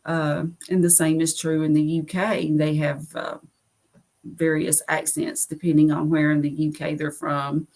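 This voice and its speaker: Middle-aged Southern woman host, deep voice with some fry, easygoing and rambling. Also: little pitch movement, measured pace, darkish tone. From United States. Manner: rambling, many fillers, laughs at herself. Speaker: live stream host. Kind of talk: casual chat on a live stream.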